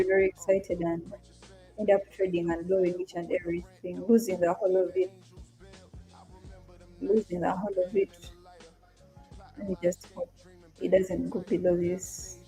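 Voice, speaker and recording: Young East African woman, live-stream host, chatty and direct with her audience, mellow tone. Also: mid-range voice. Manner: chatty, greets viewers by name and reads comments aloud. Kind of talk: casual live-stream chat.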